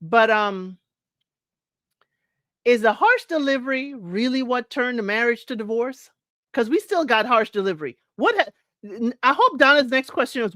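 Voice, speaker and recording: A woman's voice: fairly high pitch, lively intonation, normal speed, fairly bright tone, no echo, clean studio sound. A woman hosting a live recap, chatty and opinionated, often laughing and repeating her points for emphasis while greeting chat viewers. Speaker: host of a dating-show recap livestream. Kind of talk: casual live commentary talking to chat viewers.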